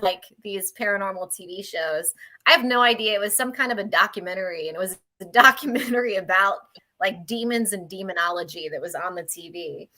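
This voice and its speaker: A woman with a bright, forward voice at an everyday pitch tells a story on a video call. She talks in a chatty, animated way and laughs between her words. The sound is that of a casual online panel chat. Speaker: paranormal investigator on a panel.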